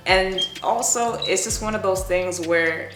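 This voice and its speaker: A woman tattoo artist chatting as a guest, telling stories in a blunt, animated way with plenty of swearing. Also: medium pitch, measured pace. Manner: animated, blunt and profane, laughs often. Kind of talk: casual storytelling chat. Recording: roomy echo with faint music.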